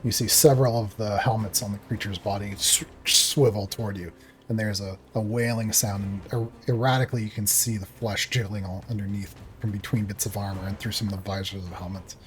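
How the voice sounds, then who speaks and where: A man's voice: lowish voice, steady tone, slight background noise. A man narrating and explaining rules as game master of a tabletop game. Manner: deliberate, explains rules with pauses.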